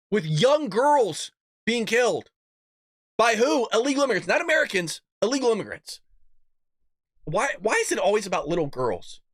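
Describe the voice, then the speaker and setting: Furious male podcast host, profane political rant, high-pitched and close, dry sound. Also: fairly bright tone, no echo. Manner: angry, profane ranting; mocking put-on voices for quoted opponents.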